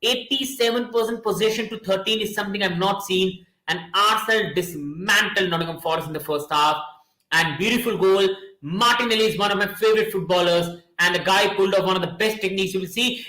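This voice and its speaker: A young man hosting a live football watchalong, commentating excitedly to his chat and shouting at goals. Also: sits high, fairly quick, echoey room, poor audio. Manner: excitable, repeats names and "guys", shouts at goals.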